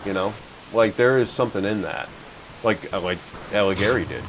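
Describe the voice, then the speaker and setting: A man hosting a podcast, telling stories in a relaxed, joking way and poking fun at himself. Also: fairly low pitch, normal speed, slight background noise, poor audio. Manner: chatty storyteller, jokes about himself. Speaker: podcast host. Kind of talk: casual chat.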